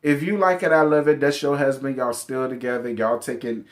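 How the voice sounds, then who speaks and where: A man's voice: medium pitch, fairly even intonation, a little fast. Sassy, blunt man recapping reality TV. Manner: sassy, blunt, profane, addresses cast members directly. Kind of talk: casual reality show recap commentary.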